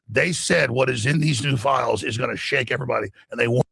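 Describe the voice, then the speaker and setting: A middle-aged American man telling a story in an urgent, breathless rush, as a podcast guest, with a gravelly, husky voice. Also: medium pitch, brisk, dry recording. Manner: urgent, breathless storytelling with shouted acted quotes. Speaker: radio host guest. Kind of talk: excited podcast guest talk.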